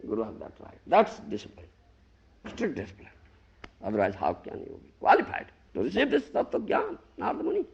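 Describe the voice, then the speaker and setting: A man preaches with a strongly gravelly, husky voice, jumping from loud emphatic bursts to near-murmurs. His pitch sits high and leaps wildly. The sound is a muffled, lo-fi old lecture tape. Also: wildly swooping pitch, a little fast, slight background noise. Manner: emphatic, swings from loud scolding to low murmur, repeats "You understand?". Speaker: guru giving a scripture lecture. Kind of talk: sermon. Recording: dull lo-fi 1990 lecture tape.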